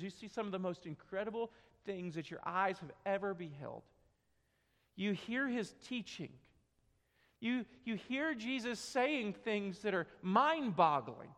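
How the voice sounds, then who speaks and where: A man preaching a sermon, telling a story with dramatic swings from quiet to loud, in a church sanctuary. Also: high voice. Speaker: pastor. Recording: long hall reverb.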